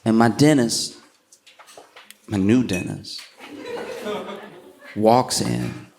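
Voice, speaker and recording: A young man doing stand-up comedy, telling a story in an animated way and laughing as he goes. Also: fairly low pitch, drawn-out words, vocal fry, slight background noise. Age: young adult. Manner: animated, laughing through his own story.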